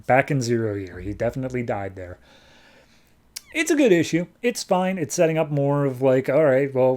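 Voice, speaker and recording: Mellow, easygoing male podcast host. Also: mid-range voice. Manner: relaxed, offhand, with fillers. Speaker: podcast host reviewing comics. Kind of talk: casual review chat.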